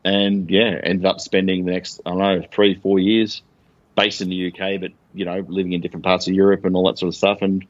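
A middle-aged man with an Australian accent and a very deep, low voice tells long, rambling anecdotes, breaking into quoted voices along the way. The sound is dry and close, with a slightly muffled, lo-fi edge. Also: little pitch movement, fairly quick, dry recording. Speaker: guest. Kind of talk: casual storytelling interview.

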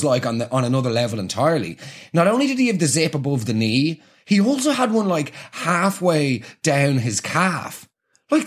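A man delivering a mocking, sweary comedy rant with exasperated energy. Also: medium pitch.

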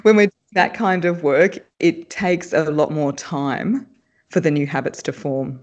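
A woman speaking as a voice coach in an interview, her pitch swinging up and down as she explains her methods. She talks in an animated, explanatory way and often breaks into laughter. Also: measured pace, lo-fi sound. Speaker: voice and speech coach.

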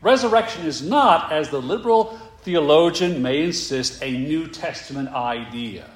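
A male pastor preaching a sermon, emphatic and full of rhetorical questions, slowing down to stress his points. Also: on the high side, lively intonation, echoey room.

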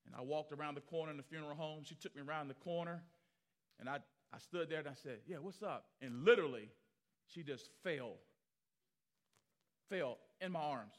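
A man preaching as pastor, telling stories animatedly and acting out the people he quotes, swinging from loud to hushed. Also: on the high side, brisk, pauses often. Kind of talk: sermon storytelling.

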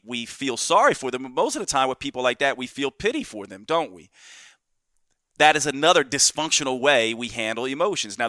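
Guy with a bright punchy voice doing a solo podcast, explains stuff with everyday stories, keeps saying right?, dry close mic. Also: medium pitch, no room sound. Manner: explains with vivid everyday anecdotes, often asking "right?". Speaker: podcast host.

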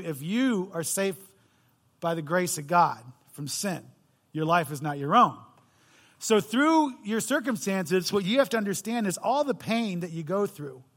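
A middle-aged man preaches a sermon in a high-pitched voice. He tells stories with self-deprecating humor before turning to scripture. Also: fairly bright tone. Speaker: pastor.

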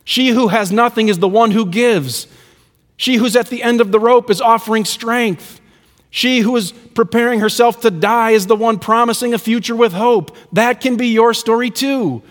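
A male pastor delivers a sermon in a high-pitched voice, building phrases through rhythmic repetition. He swings between soaring declarations and near-whispered lines. His voice carries a long reverb from a large church hall. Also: moderate pace.

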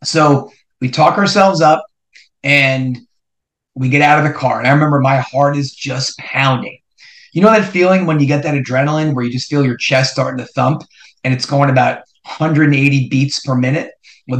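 A middle-aged man from New Jersey, hosting a podcast and telling a personal story in an animated way, building suspense with repeated rhetorical questions. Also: mid-range voice, normal speed. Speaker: podcast host. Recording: roomy echo.

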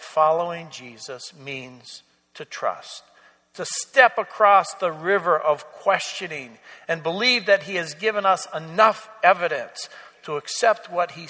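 A man preaching a sermon as pastor, slow and earnest, letting his phrases trail off softly. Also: on the high side. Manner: slow, earnest preaching with soft, drawn-out endings. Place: church sanctuary. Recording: long church reverb.

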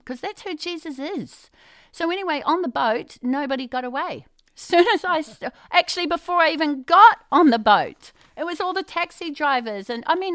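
A woman telling lively faith stories as a guest, exuberant, with loud bursts of excitement and sudden quiet, near-whispered asides. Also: on the high side, clean tone, no echo, studio quality. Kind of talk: enthusiastic Christian testimony.

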